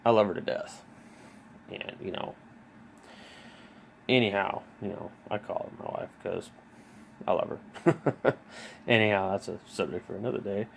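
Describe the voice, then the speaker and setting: A man's voice: on the low side, a little slow, vocal fry, long pauses, a little hiss or hum. A man telling a personal story in a rambling, casual way, with many fillers, restarts and swearing. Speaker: vlogger.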